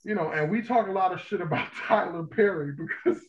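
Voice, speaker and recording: A man co-hosting a casual pop-culture podcast, ranting heatedly and with a lot of profanity, often breaking into loud outbursts. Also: high voice, a little fast, dull audio. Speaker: podcast co-host.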